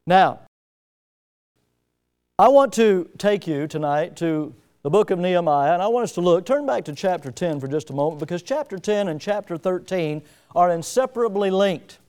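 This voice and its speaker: Emphatic, high-voiced preacher man. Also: expressive, moderate pace. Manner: emphatic, swings between loud declarations and quiet drops. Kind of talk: sermon.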